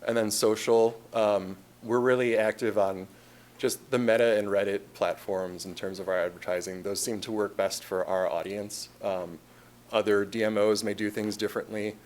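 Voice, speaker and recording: A man's voice: lowish voice, little pitch movement, moderate pace, a little mellow. A man with a Chicago accent presenting a tourism marketing plan to a city council, casual and conversational with frequent fillers and restarts. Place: council meeting chamber.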